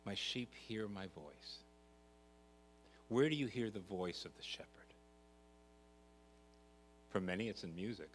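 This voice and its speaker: An older man, a pastor, preaching a sermon in a church, earnest and rising to emphatic repetition. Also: low voice. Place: church sanctuary. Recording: long church reverb, faint hum.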